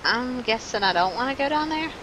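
A woman's voice: a little high, lively intonation, fairly quick, background noise. Jumpy woman streaming a game. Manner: jumpy and nervous, talks to chat, nervous laughs. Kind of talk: live gameplay commentary.

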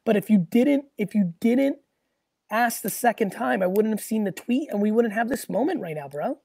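A man hosting a live call-in Q&A show, answering callers in a blunt, profane, emphatic way that often rises to shouting. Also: high voice, animated, normal speed, gravelly, husky. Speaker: host answering callers' questions.

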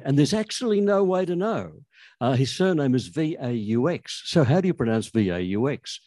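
Older aussie guy chatting, pitch jumps around a lot, dry close sound. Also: normal speed, no room sound. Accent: Australian. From Australia. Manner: lively, anecdotal, frequent restarts. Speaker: author speaking on language history. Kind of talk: conversational talk.

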